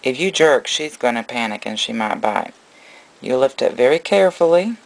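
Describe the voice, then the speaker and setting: Gravelly-voiced man cooing over baby snakes. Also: mid-range voice, lively intonation, moderate pace, low-quality recording. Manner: cooing baby talk to animals mixed with plain explanation. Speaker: reptile breeder. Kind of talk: casual vlog narration.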